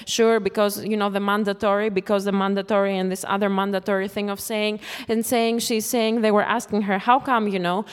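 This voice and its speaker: A woman's voice: mid-range voice, flat delivery, fairly quick, few pauses, clear, resonant tone, big-room sound. A woman giving a stream-of-consciousness spoken performance into a microphone, circling and repeating phrases over and over. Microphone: speaking into a microphone.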